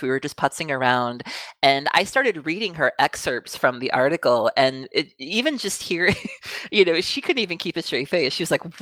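A woman hosting a podcast panel chat, wry and lively as she tells a story. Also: deep voice, no echo. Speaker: podcast host.

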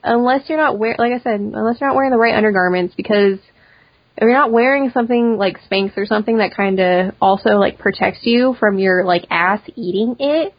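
A young woman talks quickly and casually on a podcast, peppering every sentence with "like" and the occasional curse. Her voice sits a little high. The recording is dry and slightly dull, lo-fi. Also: dry recording. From Polish family, grew up in America. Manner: chatty, swears freely, lots of "like". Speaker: podcast guest, cosplayer. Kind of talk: casual chat.

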